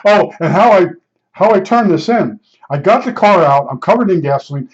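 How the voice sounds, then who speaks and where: Older man, slightly higher voice, rambling blunt storyteller, dull lo-fi sound. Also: lively intonation, normal speed. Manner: rambling, repeats himself, blunt and emphatic. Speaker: podcast storyteller. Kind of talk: casual spoken storytelling.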